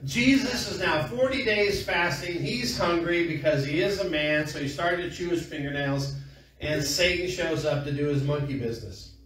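Middle-aged guy preaching casual and folksy, bright voice, far off in a very echoey room. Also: fairly high pitch, normal speed. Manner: folksy storytelling with congregation call-and-response. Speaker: pastor. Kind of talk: sermon. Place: small church room.

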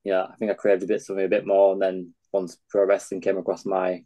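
A man's voice: sits low, completely flat delivery, fast, warm tone, muffled recording. A young Yorkshire man in his twenties, a charity founder talking earnestly as an interview guest. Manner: earnest, enthusiastic reminiscing. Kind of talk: casual interview chat.

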